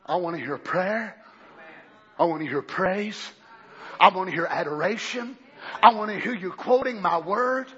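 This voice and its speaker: A male preacher delivers a fervent sermon, often shouting and breaking into cries of praise. His voice is very high and bright. The sermon recording sounds dull and lo-fi. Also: unhurried, pauses often, husky.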